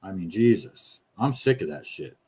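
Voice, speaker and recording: A man's voice: low voice, expressive, moderate pace, dark tone, husky. A man streaming casual commentary on clips, blunt and heavy on swearing, with fillers as he trails off.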